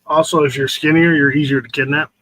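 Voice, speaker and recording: A man's voice: a little high, flat delivery, quick pace, pushed and bright, rough recording. A man chatting as a guest, with wry self-deprecating humor. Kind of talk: casual chat.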